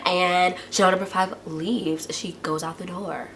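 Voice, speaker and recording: A woman's voice: lowish voice, measured pace, slight background noise. A woman chattily recapping a TV episode for her channel, full of "like" and acting out quotes. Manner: chatty, heavy use of "like", acts out quotes in lively voices. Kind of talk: casual TV recap.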